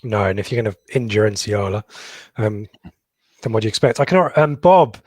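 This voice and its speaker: A middle-aged man co-hosting a football podcast, reading out viewers' comments in a halting, casual way with many pauses and ums. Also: lowish voice, expressive, darkish tone, breathy edge, dry recording. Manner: halting, lots of ums and restarts. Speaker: podcast co-host.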